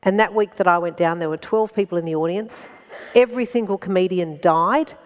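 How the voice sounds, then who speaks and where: A woman with an Australian accent, a stand-up comedian telling a story as a guest in an animated way and laughing between phrases. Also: lowish voice, a little fast, in a large hall. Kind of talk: anecdotal storytelling in conversation.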